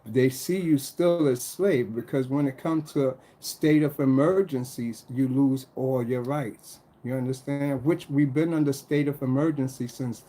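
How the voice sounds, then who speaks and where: A man's voice: on the high side, dark tone. A man talking casually to an audience in a rambling way, restarting phrases and asking rhetorical questions. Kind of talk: casual explanatory monologue.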